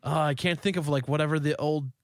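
A man's voice: fairly high pitch, steady tone, quick pace, no room sound, studio quality. A man co-hosting a podcast in casual chat, playful and teasing. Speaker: podcast co-host.

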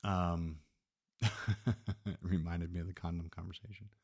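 A man co-hosting a podcast, chatting in a relaxed, wry, teasing way. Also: sits low, a little slow, husky. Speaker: podcast co-host. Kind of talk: candid casual chat.

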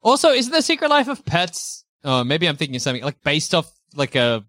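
A man's voice: a little high, huge pitch swings, pushed and bright, no echo. A man hosting a comedy podcast, chatting enthusiastically and swearing freely as he riffs with friends. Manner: enthusiastic, swearing, quick to agree. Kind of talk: casual comedic chat.

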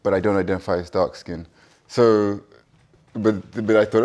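A man's voice: sits low, steady tone, normal speed, a little mellow. A man, a dinner guest, talking through his view in a casual discussion, often restarting and repeating words as he builds his point.

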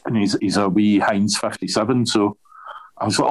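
An actor chatting casually over a video call from home, telling stories and laughing often. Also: male voice, lowish voice, steady tone, moderate pace, poor audio. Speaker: guest actor.

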